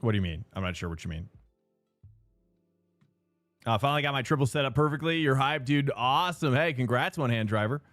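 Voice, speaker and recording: Young male streamer, middle pitch, rambling chat with viewers, faint music bed. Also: animated, fairly quick, long pauses, fairly bright tone, no echo. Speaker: sim racing streamer. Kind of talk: live stream chat while racing.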